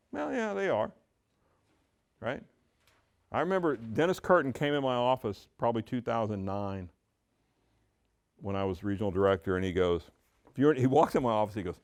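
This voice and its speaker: A man's voice: medium pitch, normal speed, long pauses. A middle-aged man giving a training talk to real estate agents, telling stories and acting out the dialogue. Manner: animated storytelling, acting out dialogue.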